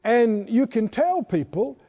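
Man, pastor, mellow tone, unhurried sermon, call-and-response, lo-fi church recording. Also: very high voice, big pitch swings. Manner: call-and-response preaching, asks the congregation to answer. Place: church sanctuary. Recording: echoey hall, dull lo-fi sound.

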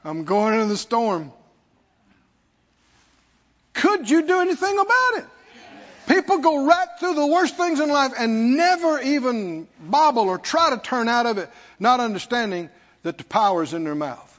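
A man delivers a sermon in a church sanctuary, calling out to the congregation and mimicking anxious believers with mockery. His voice is very high and a bit bright, with lively intonation at a moderate pace, heard through a dull, lo-fi recording with long hall reverb.

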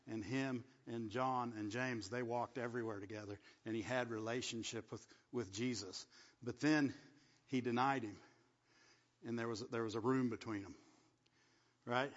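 A man preaching a sermon, often repeating words and asking the congregation "right?". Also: mid-range voice. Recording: dull sound, long hall echo.

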